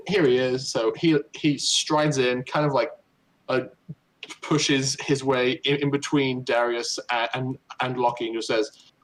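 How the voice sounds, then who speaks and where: A man's voice: medium pitch, steady tone, a little slow, low-quality recording. A man narrating as game master of a tabletop game, stammering and restarting often. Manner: stammering, many repeated starts.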